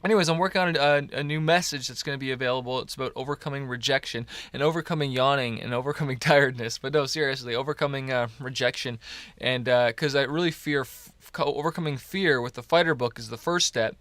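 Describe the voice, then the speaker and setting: A man's voice: mid-range voice, quick pace, fairly bright tone, no echo. A man in his thirties from Canada, hosting a motivational podcast in a rambling, encouraging way, tired early in the morning. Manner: upbeat, rambling, encouraging, with many fillers. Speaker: podcast host. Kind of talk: casual motivational podcast talk.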